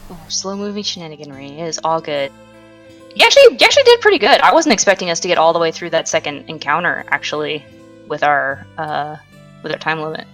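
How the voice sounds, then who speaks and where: A woman's voice: low voice, big pitch swings, fast, fairly bright tone, faint music behind. A woman acting as game master, chatting casually and laughing easily as a tabletop session wraps up. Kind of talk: casual post-game chat.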